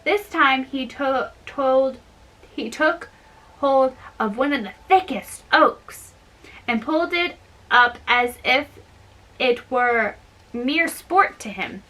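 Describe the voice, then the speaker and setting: A woman reading a fairy tale aloud slowly and carefully, with small slips. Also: high-pitched, lively intonation, bright, forceful tone, rough recording. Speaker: storyteller.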